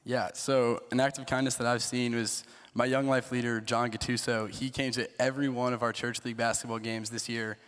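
A young man in his late teens, a high school senior, telling a plain story in an even way. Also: brisk, clean tone. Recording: echoey hall.

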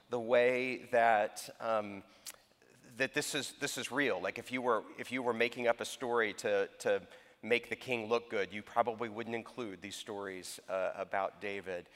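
A man leading a church service, encouraging and lively, with some fillers, recorded in a church sanctuary. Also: mid-range voice. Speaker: church service leader interviewing students. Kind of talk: live church talk. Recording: echoey hall.

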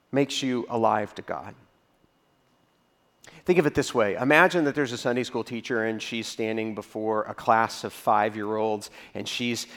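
A man preaching a sermon as a pastor, telling stories in a conversational way and dropping to a low voice to act out reactions. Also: fairly bright tone.

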